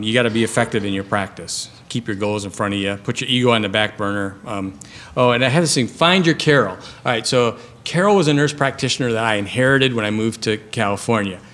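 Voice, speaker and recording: A man's voice: medium pitch, fairly bright tone. Man, fifties, surgeon, live lecture to residents, chatty, keeps asking "right?". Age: 50s. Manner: conversational, ends points with "right?". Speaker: surgeon giving a talk to residents. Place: lecture hall.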